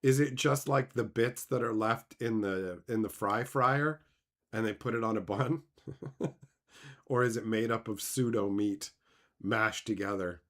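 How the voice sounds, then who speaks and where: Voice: mid-range voice, measured pace. A streamer reacting to chat in casual talk, sarcastic and mocking, swearing often and laughing between remarks. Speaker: streamer reading chat aloud.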